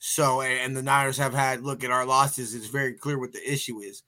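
A man's voice: medium pitch, flat delivery, brisk, pushed and bright. A man hosting a casual sports podcast, chatty and folksy, often restarting his sentences and sounding a bit tired. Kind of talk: casual sports talk show.

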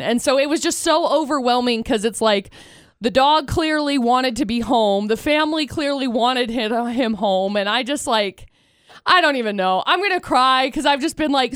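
A woman's voice: a little high, clean tone, no room sound. A woman co-hosting a morning radio show, talking emotionally and close to tears. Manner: emotional, tearful and gushing. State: near tears. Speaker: radio co-host.

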